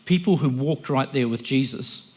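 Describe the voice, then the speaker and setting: A man's voice: mid-range voice, moderate pace, darkish tone, slightly rough. A man giving an impassioned, emphatic sermon as a guest speaker, often voicing the people he quotes.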